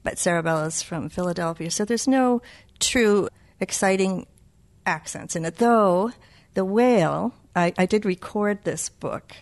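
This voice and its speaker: Playful woman with a Boston accent. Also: fairly low pitch. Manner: playful, self-mocking, animated storyteller. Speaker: children's book author. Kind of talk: casual interview.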